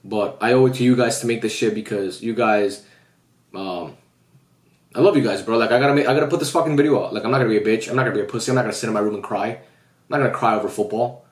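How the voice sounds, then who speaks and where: A football fan vlogs to his viewers in a casual rant, heartbroken and dejected after a loss, swearing often as he speaks directly to them. His voice is lowish and very fast, with a roomy sound.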